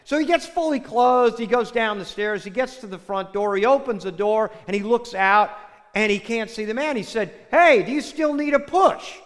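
A man preaching a sermon, telling a joke in a folksy, animated way before turning to a Bible reading. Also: high-pitched, normal speed. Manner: folksy storyteller, animated with acted quotes. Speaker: pastor. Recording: long hall reverb.

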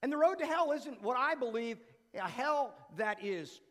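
A man preaching a conversational sermon, animated, asking rhetorical questions and repeating phrases for emphasis. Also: extremely high pitch, normal speed, long reverb tail.

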